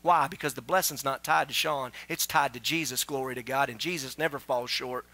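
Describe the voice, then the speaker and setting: Preacher man, sharp bright voice, keeps asking the crowd stuff, gets loud. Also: medium pitch, steady tone, fairly quick. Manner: call-and-response preaching, builds to loud exclamations. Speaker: pastor. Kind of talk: sermon. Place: church sanctuary.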